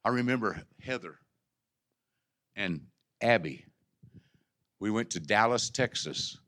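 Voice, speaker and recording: A man preaching a sermon as pastor of his church, moving from low conversational talk to loud, impassioned climaxes with stammered restarts. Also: animated, takes it slowly. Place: church sanctuary.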